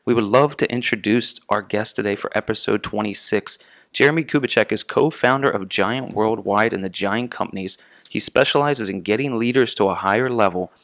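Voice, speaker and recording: A man's voice: on the low side, fairly quick, fairly bright tone. A man hosting a podcast in easygoing, friendly banter, also reading the intro and ad copy. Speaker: podcast host.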